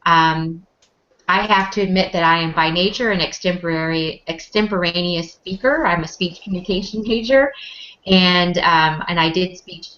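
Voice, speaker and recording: A woman's voice: lowish voice, a bit bright. A woman entrepreneur answering on a panel, confident and reflective. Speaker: entrepreneur, competition winner. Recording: muffled lo-fi recording.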